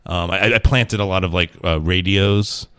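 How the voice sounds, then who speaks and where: A man's voice: sits low, normal speed, fairly bright tone, clean tone. A man co-hosting a radio show, prodding his partner with dry, playful questions. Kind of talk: improvised comedic radio banter. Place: radio studio.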